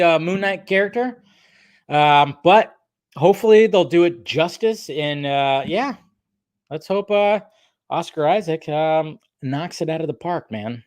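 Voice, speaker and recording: Casual male film-talk host, a touch high-pitched, loose and profane. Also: no echo. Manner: rambling, profane, lots of fillers and restarts. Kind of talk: casual podcast chat.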